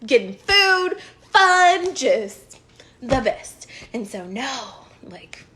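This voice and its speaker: A young woman with a high voice vents to her followers in a loose, rambling confessional. She is frank and self-mocking, trailing off into sighs and half-finished thoughts. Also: very animated, extremely slow, a bit bright. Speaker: vlogger. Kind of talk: casual confessional rant to camera.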